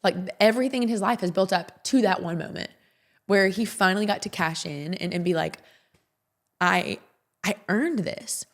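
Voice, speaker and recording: A woman's voice: medium pitch, fairly quick. A woman hosting a podcast in a casual, rambling monologue, openly emotional and often repeating herself. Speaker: podcast host.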